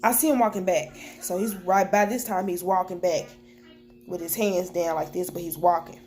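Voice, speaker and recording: Her voice is lowish and dark, with a steady tone, and she speaks at a moderate pace over soft background music. At home with children around, this young woman vlogs about something that happened to her, recounting it frankly and repeating the dialogue word for word.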